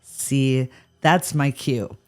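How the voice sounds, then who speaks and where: A woman's voice: extremely low pitch, drawn-out words, soft background music. A woman co-hosting a paranormal podcast, reacting with wry, sarcastic humor. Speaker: podcast co-host. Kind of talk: scripted paranormal podcast chat.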